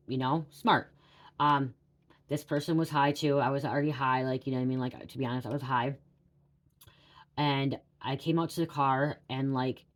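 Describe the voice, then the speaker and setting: A woman psychic telling a personal story to her viewers in a rambling, repetitive way, swearing casually and often saying "you guys.". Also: extremely low pitch. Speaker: psychic reader.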